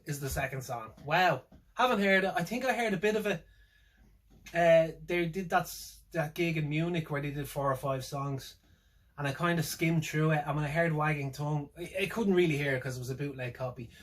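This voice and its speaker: Rambling man with a slightly high voice. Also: low-quality recording. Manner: rambling and hesitant, with many fillers and restarts; wry, laughs to himself. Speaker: music fan reviewing a tour setlist. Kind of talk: casual solo reaction vlog.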